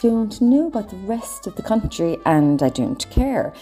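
A woman's voice: mid-range voice, big pitch swings, measured pace, dark tone, soft background music. A woman with a Cork accent hosting a comic advice-column sketch, answering letters with dry wit.

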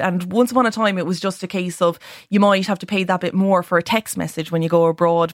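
A woman's voice: on the low side, no room sound, clean studio sound. An Irish woman reporter on a radio advice segment, chatting through phone prices and tips with frequent ums. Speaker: news reporter. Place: radio studio.

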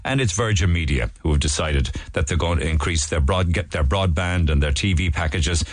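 Irish male radio host, low voice, rambling chatty newspaper review, dry studio sound. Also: a little fast, no echo. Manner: chatty and digressive, with frequent restarts and asides. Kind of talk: casual newspaper review chat.

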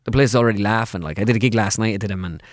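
A young Irish man, a comedian and impressionist, telling quick, animated stories as a guest in a radio studio interview. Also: lowish voice, no room sound. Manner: rapid, animated anecdotes with laughter. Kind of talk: casual radio interview storytelling.

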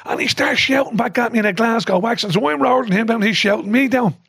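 Irish man telling lively, sweary stories. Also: very high voice, fast, creaky, slightly rough, no echo, clean studio sound. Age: older. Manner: animated storyteller, swears, acts out shouts. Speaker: podcast guest, former football manager. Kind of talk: casual storytelling chat.

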